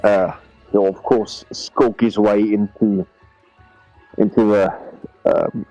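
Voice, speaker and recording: A South African man playing a tabletop game, with a low, warm, mellow voice. He talks casually with fillers, recorded close and dry. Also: fairly even intonation, slow pace, creaky, no room sound, faint music behind, poor audio. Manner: casual, hesitant. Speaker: player. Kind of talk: tabletop role-play chat.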